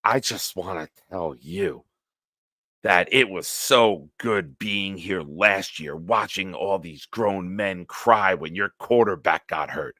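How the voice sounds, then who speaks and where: A smug older woman fan needles her rival , as a man mimics her in roughly his own voice. The delivery is pushy and tense, with a dry, close sound. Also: low voice, slow pace, pushed and bright, no room sound, exaggerated voice.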